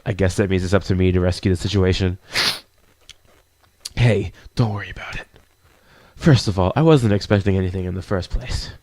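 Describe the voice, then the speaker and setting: A man hosting a game channel, reading through a visual novel in a casual, jokey way, with a hoarse voice. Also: sits low, fairly quick, darkish tone, no echo. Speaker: gaming channel host. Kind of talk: visual novel let's play narration.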